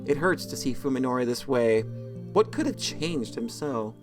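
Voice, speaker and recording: A man reads a visual novel's story text aloud in a lively, swooping voice, breaking in with sarcastic jokes. Game music plays faintly behind him. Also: mid-range voice, normal speed. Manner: sarcastic, joking asides. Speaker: let's play host.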